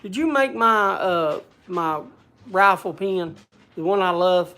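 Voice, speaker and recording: Gravelly man hosting a livestream. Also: sits high, expressive, slow pace, sharp tone. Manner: chatty, greets viewers by name. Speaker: livestream host. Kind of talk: casual livestream chat. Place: log cabin in the woods.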